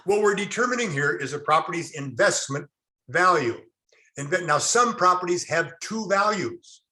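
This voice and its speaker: A man's voice: high-pitched, normal speed. A middle-aged man teaching a real estate class, telling folksy stories and speaking directly to his students. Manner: animated, folksy storyteller, addresses class directly.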